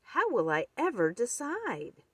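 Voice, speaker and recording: A woman voicing a timid, excitable little female mouse in a storybook, with a squeaky voice. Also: a little slow, husky, no echo, exaggerated voice. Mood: excited.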